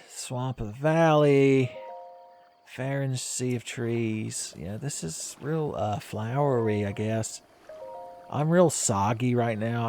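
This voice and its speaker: A man's voice: mid-range voice, darkish tone. A man giving casual, rambling gameplay commentary as a let's play host, joking and laughing often.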